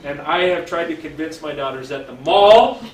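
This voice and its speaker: A middle-aged man, a chaplain, gives an earnest storytelling talk to a church audience, with halting fillers and restarts and a hush for quoted speech. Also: on the high side, fairly even intonation, a crowd in the background. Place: church hall. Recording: echoey hall, distant mic, faint hiss.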